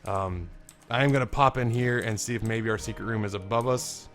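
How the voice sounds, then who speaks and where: A man's voice: fairly low pitch, fairly quick, a bit bright, soft background music. Congested man rambling through game commentary. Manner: rambling, self-deprecating, swears casually. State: congested, sick voice. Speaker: gaming commentator. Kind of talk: casual let's-play commentary.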